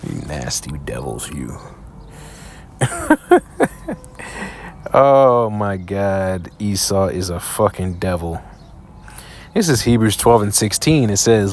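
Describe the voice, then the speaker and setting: A man preaching scripture commentary while reacting to a video, profane and scornful, reading verses slowly. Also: lowish voice, sing-song. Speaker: online preacher.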